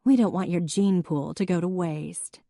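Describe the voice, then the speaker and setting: A woman voicing a warm younger sister with a dry, wry way of talking. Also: lowish voice, normal speed, vocal fry, dry recording.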